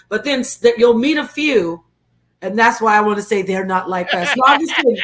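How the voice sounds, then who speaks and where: A woman from New York, a guest on a panel, talking in an animated, joking way. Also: fairly high pitch, moderate pace, low-quality recording. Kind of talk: casual panel chat.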